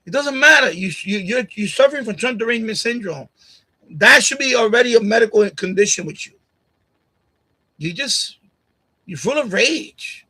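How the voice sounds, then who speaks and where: Middle-aged guy on a live stream, high bright voice kinda husky, heated and repeating himself. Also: animated, normal speed, long pauses. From Puerto Rican family, grew up partly in Puerto Rico. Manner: heated, repetitive, confrontational. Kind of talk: casual live-stream rant to chat. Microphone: USB condenser mic on boom arm.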